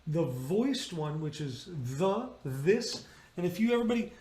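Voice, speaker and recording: A high-pitched male choir director, in a remote rehearsal video recorded indoors, teaches singing diction, repeatedly pausing to demonstrate vowels and consonants aloud. His mellow voice swings widely in pitch, moves a bit slowly, and rings through a roomy, echoey space.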